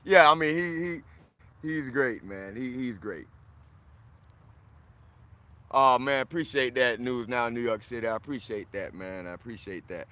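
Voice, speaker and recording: A man's voice: mid-range voice, lively intonation, measured pace, pauses often, bright, forceful tone. A man from Florida hosting a casual livestream, boisterous and friendly, greeting viewers by name as he answers their comments.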